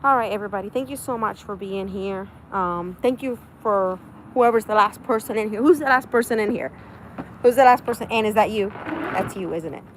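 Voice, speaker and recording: A woman's voice: mid-range voice, fairly quick, a little hiss or hum, low-quality recording. A woman, chatting casually and cheerfully with viewers on a live stream. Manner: chatty and upbeat, talks straight to viewers. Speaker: crafts livestreamer. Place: home, walking outdoors to a chicken coop.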